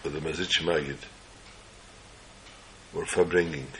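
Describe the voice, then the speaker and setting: Deep-voiced man telling a religious story. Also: fairly even intonation, slight background noise, rough recording. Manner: slow, measured phrasing in short phrases.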